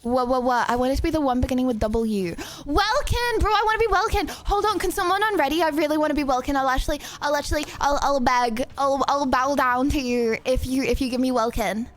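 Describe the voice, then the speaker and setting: A young English woman streaming a game, chatting bubbly and fast with lots of fillers and giggles. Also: high-pitched. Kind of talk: casual live-stream chatter.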